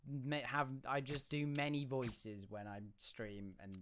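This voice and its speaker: A young British man live-streaming a video game, shouting excitedly during fights and mumbling while reading chat. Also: mid-range voice, measured pace, a little hiss or hum. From United Kingdom. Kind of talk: live gaming stream commentary.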